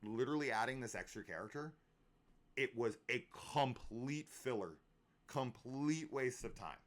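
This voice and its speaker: A man's voice: medium pitch, expressive, measured pace. A man reviewing a horror film in an exasperated rant, swearing freely and repeating himself in disbelief. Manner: exasperated, incredulous and profane, with frequent fillers and repeats.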